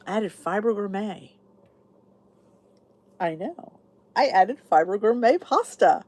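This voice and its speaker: A chatty woman, the channel's host, talks casually to her viewers at a middle pitch. She rambles warmly through stories and reads out comments by name as she goes. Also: lively intonation, slow, pauses often. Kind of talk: casual live chat with viewers.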